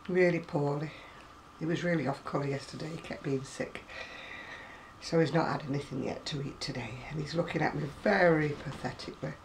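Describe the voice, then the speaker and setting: A middle-aged woman talks casually to camera in a gravelly, creaky voice. She rambles from one story to the next and breaks into ranting asides. Faint background hiss sits under her voice. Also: sits low, steady tone, a little fast. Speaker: crafting vlogger.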